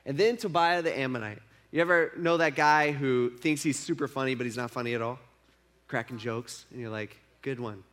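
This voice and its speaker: A man's voice: medium pitch, a little fast, a bit bright. A male pastor preaching to men in a conversational, emphatic way, with frequent repetition and asides. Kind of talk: sermon.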